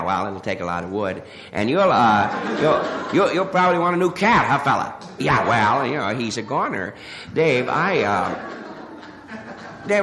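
A man performs a hungover phone call on a live stage, stammering and sheepish with an animated, swooping pitch. The voice carries a long hall reverb from the theater. A crowd's laughter is clearly heard behind him. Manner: stammering, sheepish, hungover, halting with many uh's. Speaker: comedian. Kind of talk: stand-up telephone monologue. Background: audience laughter.

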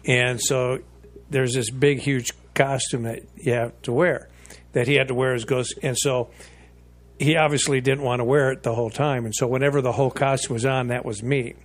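A man's voice: mid-range voice, fairly even intonation, normal speed. Regular-sounding guy hosting, chatty, rambles through stories. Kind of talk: casual chat.

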